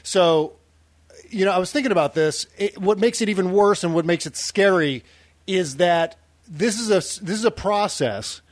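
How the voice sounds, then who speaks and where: A male podcast co-host with a slightly high voice chats casually and laughs often. He restarts sentences and fills gaps with "uh". The sound is dry and close, with no room. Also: moderate pace, dry recording. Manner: chatty, laughs easily, many restarts and "uh"s. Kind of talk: casual chat.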